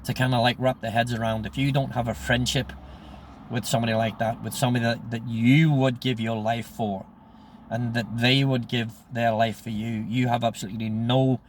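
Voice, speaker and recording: A man's voice: mid-range voice, level tone, moderate pace, a little hiss or hum. A man tells a story from his life in a rambling, profane way, often adding "you know what I mean". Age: 60s. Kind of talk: casual spoken memoir.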